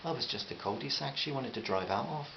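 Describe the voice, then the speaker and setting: A man's voice: medium pitch, animated, a little fast, creaky, echoey room. A man playing a heartbroken man. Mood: wistful. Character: heartbroken young Irish man, kind, wry. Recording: slightly dull with faint hiss.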